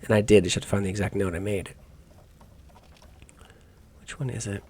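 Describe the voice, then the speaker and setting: A man's voice: fairly low pitch, steady tone, fairly quick, darkish tone, slightly rough. A man giving let's play commentary on a game, musing aloud in rambling asides and correcting himself as he goes. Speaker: gaming YouTuber.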